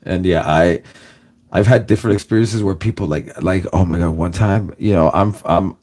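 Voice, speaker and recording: A man's voice: low-pitched, moderate pace, darkish tone. A man from Los Angeles hosting a reaction video, chatting casually in a rambling way, packing his talk with fillers and laughing often. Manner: rambling, fills every phrase with "like", laughs often. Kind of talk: casual chat.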